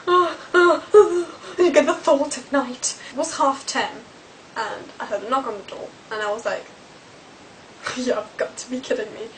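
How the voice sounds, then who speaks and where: High-voiced woman telling a story. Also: far from the mic, slight background noise, rough recording. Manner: rambling, lots of "like" and "um". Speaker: vlogger. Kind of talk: chatty storytelling to camera.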